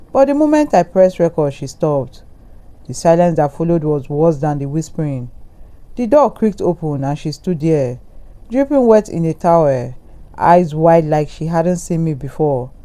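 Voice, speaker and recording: A man reading a first-person horror story in a steady, brooding narration. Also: a little high, unhurried.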